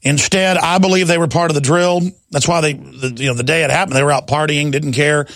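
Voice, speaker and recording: A man's voice: fairly high pitch, fairly even intonation, a little fast, a bit bright. A man hosting a talk radio show, delivering an emphatic, indignant monologue and calling his listeners "folks".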